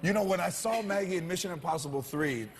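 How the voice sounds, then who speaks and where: A man's voice: high voice, quick pace. A man hosting a talk show, effusive and laughing as he greets a guest.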